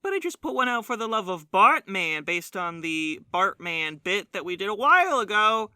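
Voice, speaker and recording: A man's voice: sits high, big pitch swings, moderate pace, pushed and bright, clear, resonant tone, dry recording, clean studio sound. A young man co-hosting a podcast in casual chat, joking and exaggerating, swearing casually. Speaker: podcast co-host.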